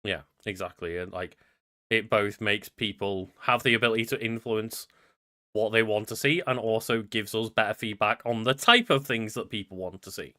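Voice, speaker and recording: A man's voice: lowish voice, steady tone, normal speed, sharp tone. A young man co-hosting a casual podcast, chatty, running through the show plugs. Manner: chatty, reads promo plugs in a customer-service cadence. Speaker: podcast co-host.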